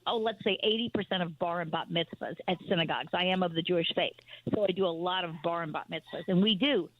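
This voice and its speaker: A woman's voice: fairly low pitch, fast talker, no room sound. A woman in her sixties, a shop-owner guest chatting on the radio, telling stories and acting out what people said. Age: 60s. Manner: lively storyteller, acts out quoted dialogue. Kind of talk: casual radio chat. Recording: dull lo-fi radio broadcast.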